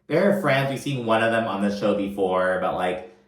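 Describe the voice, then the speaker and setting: A man giving a casual, profane recap of a reality show, gossiping and acting out the cast's lines in quick voices. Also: lowish voice. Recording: echoey room.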